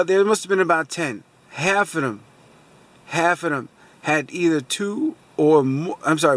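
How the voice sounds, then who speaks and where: A man's voice: on the high side, fairly bright tone. A man telling a long, rambling story about a car dealership mix-up in a casual vlog, sitting in a parked car and airing his frustration. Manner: rambling, repeats fillers like "so anyway"; aggrieved, venting frustration. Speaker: car vlogger.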